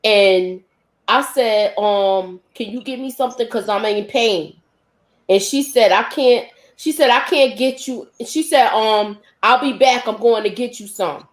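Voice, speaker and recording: A middle-aged woman telling a lively personal story in a casual roundtable chat, acting out the quotes. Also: fairly high pitch, a little slow, reverberant. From Queens, New York. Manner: animated storytelling, acts out quotes. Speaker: panelist.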